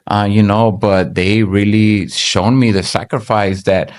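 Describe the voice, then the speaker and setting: A man with a fairly low voice tells his faith story in an earnest, halting way. He keeps restarting his sentences as he speaks to a church interviewer. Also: fairly even intonation. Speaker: church member giving testimony. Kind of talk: personal faith testimony.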